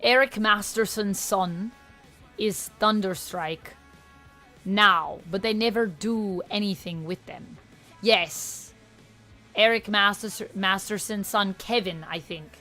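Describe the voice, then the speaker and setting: A woman's voice: mid-range voice, slow, pushed and bright, soft background music. A woman hosting a casual livestream, chatting and answering viewers' messages aloud. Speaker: livestream host.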